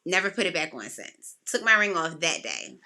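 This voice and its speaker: A woman's voice: lowish voice, normal speed. A woman hosting a podcast, telling a personal story in casual chat. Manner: animated, emotional, quotes people in raised voices. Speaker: podcast host.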